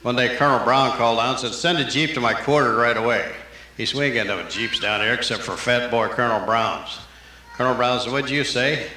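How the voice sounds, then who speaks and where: Bright-voiced stand-up comic on old tape. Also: male voice, mid-range voice. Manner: rapid-fire one-liners, jumping into character voices. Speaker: stand-up comedian. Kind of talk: live stand-up joke telling. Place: live comedy venue. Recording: roomy live club tape with hiss.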